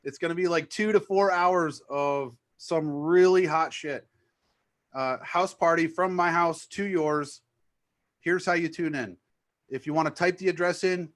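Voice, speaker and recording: Male DJ, New England accent, eager rambling talker, casual chat. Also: on the high side. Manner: excited, fast and rambling. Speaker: DJ promoting his live mix show.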